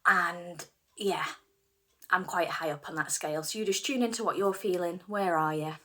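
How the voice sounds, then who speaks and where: A middle-aged woman leading a guided tapping session, speaking slow repeat-after-me phrases and dropping some of them to a whisper. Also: on the low side, pushed and bright. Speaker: tapping practitioner.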